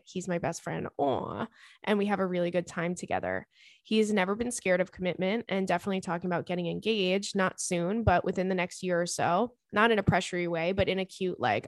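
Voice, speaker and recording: A young woman with a lowish voice hosts a podcast, reading a listener's letter aloud while chatting bluntly and swearing freely. The studio-quality recording has no room sound.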